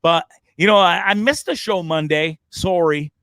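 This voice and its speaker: A man's voice: sits high, moderate pace, fairly bright tone, clean tone, no echo. A man hosting a casual live stream from a bedroom in the back of a bus, rambling and joking, then turning sentimental. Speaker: host.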